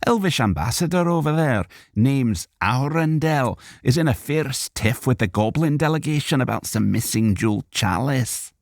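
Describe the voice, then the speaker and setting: A man voicing a gruff, jovial male dwarf innkeeper with a Scottish accent, gossiping bluntly in an audiobook. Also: mid-range voice, expressive, moderate pace, few pauses, no room sound, clean studio sound, pitched above the performer's own voice.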